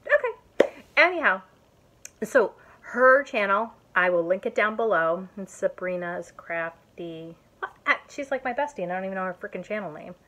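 A woman from Indiana chatting through a craft haul vlog, excitable and self-mocking, tired from an early start. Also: medium pitch, normal speed, highs cut off. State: tired, up since early morning. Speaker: YouTube vlogger showing a haul. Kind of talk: casual haul vlog chat.

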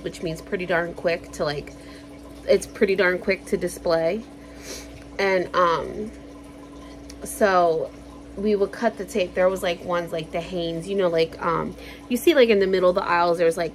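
A woman vlogger telling stories in a casual, animated way, swearing freely and acting out quotes loudly. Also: fairly low pitch, a little hiss or hum. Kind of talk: casual storytelling.

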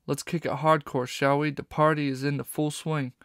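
A man's voice: on the high side, little pitch movement, moderate pace, fairly bright tone, smooth, no room sound, studio quality. A man voicing a jittery male lizard con man who talks in hip slang, from a storybook reading. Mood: smooth-talking. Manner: hip slang, stammers when nervous.

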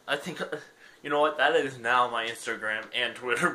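A man's voice: mid-range voice, normal speed, bright, forceful tone, slight background noise. A young man giving casual gameplay commentary, rambling and self-deprecating. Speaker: gaming channel host.

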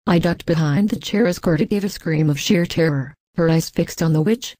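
Woman narrator, scripted story reading, even delivery, dark mellow tone. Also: deep voice, normal speed. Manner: even, reads punctuation marks aloud.

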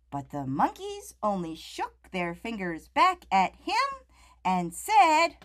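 A woman reading a picture book aloud to children, playful and animated, turning to the kids with questions as she goes. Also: medium pitch, takes it slowly. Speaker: storyteller.

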